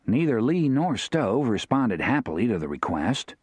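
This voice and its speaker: A man reading a western audiobook, with a lively, expressive rise and fall in his voice. The sound is close and dry, with no room echo. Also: medium pitch, normal speed, breathy edge. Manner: steady, expressive storytelling. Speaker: narrator. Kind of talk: audiobook narration.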